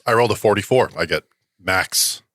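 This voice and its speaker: Deep-voiced, wry male player. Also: fairly quick, fairly bright tone, no echo, studio quality. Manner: wry, joking. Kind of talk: casual chat.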